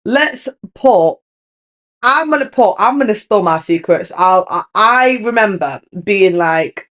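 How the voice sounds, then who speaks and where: Speaking slowly with lively intonation, a young woman chats alone on her podcast, candid and rambling with many restarts. Her mid-range voice has a fairly bright tone.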